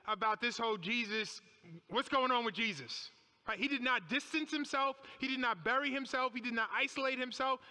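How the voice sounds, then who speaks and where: A man preaches a sermon in a church, retelling scripture with drama and firing off rhetorical questions. His voice is high and bright, and every phrase rings on through the long reverb of the hall. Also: clear, resonant tone.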